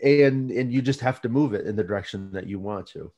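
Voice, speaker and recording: A man hosting a podcast, speaking in a reflective, measured way as he thinks aloud. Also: on the low side, dark tone, muffled recording. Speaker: podcast host. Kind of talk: casual conversational interview.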